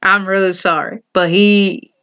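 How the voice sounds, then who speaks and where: A woman talks through her opinions in a casual vlog, with a clear, smooth voice. She speaks straight to her viewers and drives each point home by saying it again and again. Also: medium pitch, flat delivery, unhurried, a bit bright, dull audio. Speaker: vlogger.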